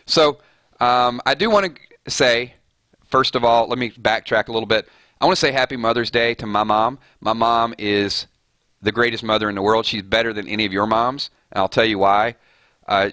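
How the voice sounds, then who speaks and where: Guy streaming a game, rambling and fired up, bright tense voice, dry sound. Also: lowish voice, no echo. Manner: fired-up, rambling, laughs often. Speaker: gaming streamer. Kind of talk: casual live-stream chat.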